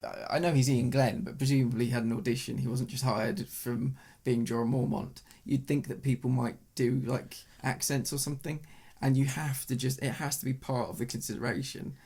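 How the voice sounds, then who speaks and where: Gravelly, husky man with exasperated rambling. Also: medium pitch, fairly even intonation, a little fast, a little mellow. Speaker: podcast co-host. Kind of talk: casual chat reviewing TV shows.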